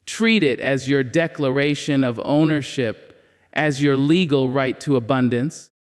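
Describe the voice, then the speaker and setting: A man giving a preaching motivational speech, with solemn, emphatic declarations and repeated phrases. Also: on the high side. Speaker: motivational speaker. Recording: long hall reverb.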